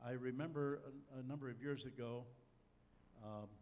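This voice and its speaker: A man's voice: medium pitch, moderate pace, a little mellow, muffled recording, a little hiss or hum. An older man preaching a sermon, telling a personal story in a folksy way with dry humor. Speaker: pastor. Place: church sanctuary. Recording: long church hall reverb, faint ambience.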